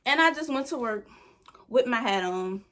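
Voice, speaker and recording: A woman's voice: fairly high pitch, animated, moderate pace, a bit bright. Frustrated young woman venting about a wig. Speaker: beauty vlogger. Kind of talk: casual product review.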